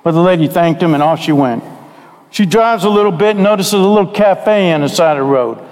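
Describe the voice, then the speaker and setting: A man preaches a sermon and tells a story, drawing out his phrases slowly and deliberately. His voice sits a little high for a man. It carries the long reverb of a large hall. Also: darkish tone.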